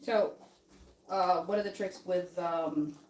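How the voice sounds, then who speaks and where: A woman's voice: slow pace, a little mellow. A chatty woman talks her viewers through a puppy-care routine. She sounds set back from the mic in an echoey room, with faint noise and puppies underneath. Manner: chatty, talks to the puppies in a high soothing coo. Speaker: dog breeder hosting a livestream. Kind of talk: casual livestream chat. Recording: roomy, from a distance, faint noise.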